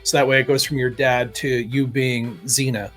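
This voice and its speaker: Male guest, mid-pitched, keen and helpful, faint music behind. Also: fairly even intonation, moderate pace, fairly bright tone. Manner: enthusiastic, offers practical tips. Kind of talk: casual chat.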